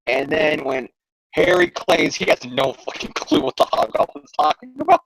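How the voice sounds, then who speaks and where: A man's voice: a little high, huge pitch swings, normal speed, gravelly, a bit bright, rough recording. A man co-hosting a casual comic-book discussion, jokey and full of profanity. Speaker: podcast co-host.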